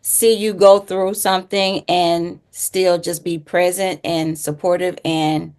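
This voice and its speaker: Gentle low-voiced woman host. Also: flat delivery, clear, resonant tone. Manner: gentle, measured questioning. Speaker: life coach host. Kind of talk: interview questions.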